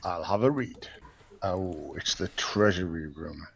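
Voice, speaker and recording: A man's voice: low-pitched, unhurried, gravelly, fairly bright tone, slight background noise. A man playing a tabletop game, thinking aloud and asking hesitant questions. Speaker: player. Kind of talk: casual chat in a tabletop game.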